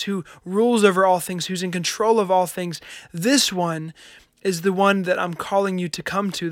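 Earnest higher-voiced man teaching scripture. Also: fairly bright tone, no room sound, studio quality. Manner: earnest, with frequent restarts. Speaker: devotional podcast host. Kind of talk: devotional Bible teaching.

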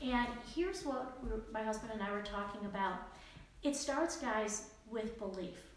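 A woman teaches a casual Bible study in an earnest, chatty way, restarting her sentences often. Her fairly high voice rings through a very echoey room, and a faint background noise runs under it. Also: animated, moderate pace. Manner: earnest, conversational, many fillers and restarts.

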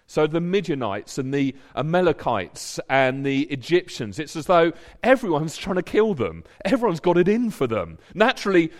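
In a sermon, a preacher speaks with earnest, conversational warmth that swells into emphatic points. His fairly high voice moves in lively, animated swoops, as if he's talking straight to a congregation.

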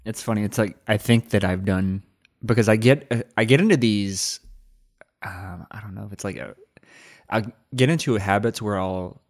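A man from Texas with a fairly low voice hosts a laid-back podcast conversation. He talks loosely, swears casually and laughs easily. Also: normal speed, a little mellow. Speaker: podcast host. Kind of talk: casual chat.

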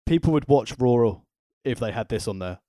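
A man's voice: mid-range voice, animated, normal speed, dark tone, no room sound, studio quality. Wry male podcast co-host. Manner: wry, joking asides. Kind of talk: casual chat.

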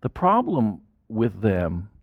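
Animated man preaching a sermon. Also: lowish voice, slow pace, husky, no room sound, phone-quality sound. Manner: animated preaching with sudden loud bursts and quiet drops. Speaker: pastor.

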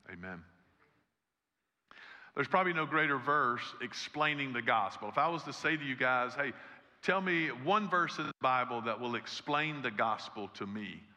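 A man preaching a sermon, reading scripture in a measured way and then building to earnest emphasis. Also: mid-range voice, sharp tone, big-room sound. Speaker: pastor. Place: church sanctuary.

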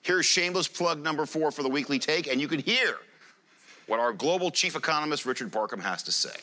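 Lively joking man presenting on stage. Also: fairly high pitch, a little fast. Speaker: conference speaker. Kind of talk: live presentation to an audience.

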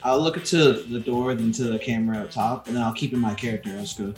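A man speaking as a player in a tabletop game, brisk and matter-of-fact. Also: mid-range voice, fairly even intonation, darkish tone, roomy sound, faint music behind. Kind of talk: casual tabletop play.

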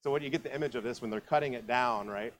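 A male pastor preaching a sermon in a relaxed, conversational storytelling way, full of asides, in a church. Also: medium pitch, racing, slight background noise, low-quality recording.

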